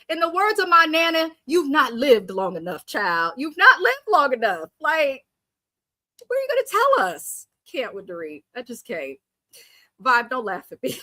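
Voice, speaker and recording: A woman's voice: fairly high pitch, sharp tone, dry recording. A woman live-streaming a reality TV recap, blunt and sassy, reading viewer comments aloud and mimicking cast members. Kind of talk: casual live reaction commentary.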